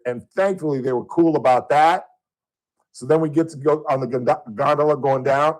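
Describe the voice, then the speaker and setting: This is a middle-aged Southern Californian radio host telling stories during laid-back on-air talk, growing loud and high when fired up. He talks briskly, and the recording sounds rough.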